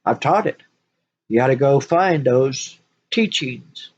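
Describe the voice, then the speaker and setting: A spiritual vlogger rants to camera in a monologue, scolding and preachy, repeating phrases and hammering her points in emphatic bursts. Her voice is rumbling low, animated, slow, and a little mellow, and the muffled recording carries a little hiss or hum.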